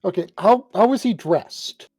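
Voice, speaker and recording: Player voice, mellow dark tone, hesitant questioning, faint music behind. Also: medium pitch, lively intonation, measured pace, husky. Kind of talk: tabletop game chat.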